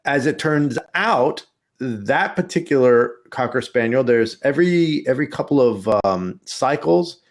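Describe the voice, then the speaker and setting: A man co-hosting a casual podcast, telling a long story with lots of swearing and sudden jumps into high acted voices. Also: expressive, measured pace. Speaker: podcast co-host.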